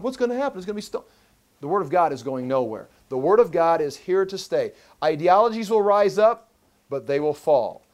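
Emphatic higher-voiced male preacher. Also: darkish tone. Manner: emphatic, repeats key phrases, restarts mid-sentence. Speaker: Bible teacher. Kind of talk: Bible study sermon.

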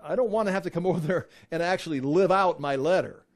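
A man's voice: a little high, fast. A man putting on an exasperated old apostle. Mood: exasperated pleading. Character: apostle Paul, exasperated older male preacher.

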